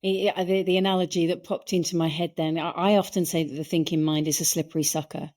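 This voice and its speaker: Lively lower-voiced woman host. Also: quick pace. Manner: animated, playful analogies. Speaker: podcast host. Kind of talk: casual podcast conversation.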